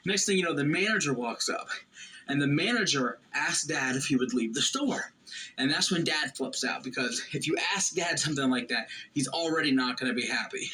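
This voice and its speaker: Bright-voiced man telling a story. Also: a little high, fairly quick, rough recording. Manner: lively anecdotal retelling with quoted voices. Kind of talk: casual storytelling.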